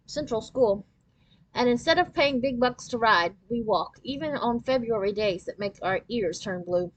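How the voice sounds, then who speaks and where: A woman's voice: mid-range voice, fairly bright tone, low-quality recording. Woman reading a children's book aloud. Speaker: storyteller.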